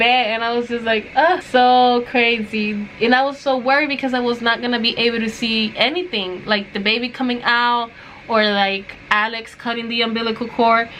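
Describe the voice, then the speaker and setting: A woman's voice: a little high, a bit bright, slight background noise. A young woman in casual vlog style, rambling through a story with many likes and ums, recovering from surgery. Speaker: new mother.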